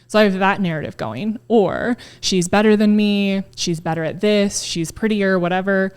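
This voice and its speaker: Woman, thirties, podcast guest, candid casual chat, swears freely, acts out quoted thoughts, mid-pitched voice. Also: moderate pace, a little mellow, clean tone.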